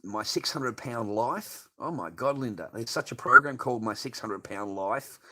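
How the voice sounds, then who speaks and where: A man's voice: mid-range voice, animated, normal speed, bright, forceful tone. An older man hosting a late-night livestream, ranting crudely and swearing constantly. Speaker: livestream host.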